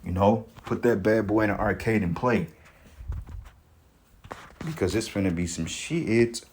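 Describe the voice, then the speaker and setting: A man's voice: lowish voice, measured pace, a little hiss or hum. A man reading news stories aloud and commenting between them in a rambling, profane, streetwise way, often repeating and restarting his words.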